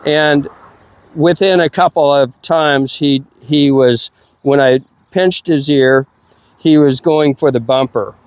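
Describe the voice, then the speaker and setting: A middle-aged man, a dog trainer, explaining his methods outdoors while working a dog, breaking into high, playful praise for the animal. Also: slow pace, a little mellow, clear, resonant tone, no room sound. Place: outdoors at a kennel ranch.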